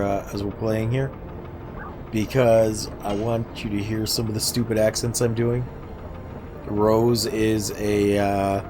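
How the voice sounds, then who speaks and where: A man's voice: fairly low pitch, darkish tone. A man streaming a game, chatting casually and self-deprecatingly with viewers while nursing a sore throat. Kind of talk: casual gameplay livestream chat.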